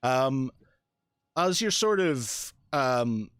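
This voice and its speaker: A man narrating as game master, halting and restarting often as he describes a scene. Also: medium pitch, big pitch swings, a bit bright, smooth, dry recording, clean studio sound. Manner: halting, full of fillers and restarts.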